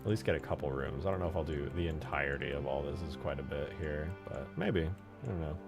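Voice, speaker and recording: Over music, a young man hosting a game modding channel chats casually while modding, his bass voice fast and full of vocal fry. He rambles, uses plenty of fillers, and laughs often.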